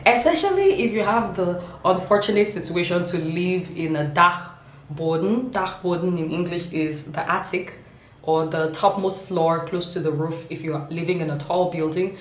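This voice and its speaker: A woman's voice: lowish voice, normal speed, roomy sound, a little hiss or hum. A woman vlogging in a humorous, casual way, laughing often and giving her points dramatic emphasis.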